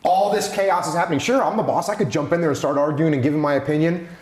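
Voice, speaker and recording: A man's voice: fairly high pitch, fast. A man talking through ideas on leadership in a casual podcast conversation, with an emphatic manner, hammering on key phrases. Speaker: leadership speaker. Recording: roomy echo.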